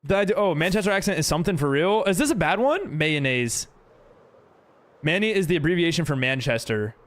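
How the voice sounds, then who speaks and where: This man's voice sits a little high and comes out animated and fairly quick. He's streaming a game live, chatting casually with viewers and reading their chat aloud in a rambling way packed with fillers.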